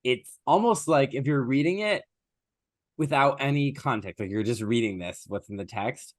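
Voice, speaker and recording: A podcast co-host retells a classic fairy tale in loose, chatty fashion, his voice sitting at an ordinary middle pitch. He keeps slipping into quick put-on voices for the characters and laughs along the way. The recording is dry and close to the mic. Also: no room sound. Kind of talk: casual chat, retelling a story.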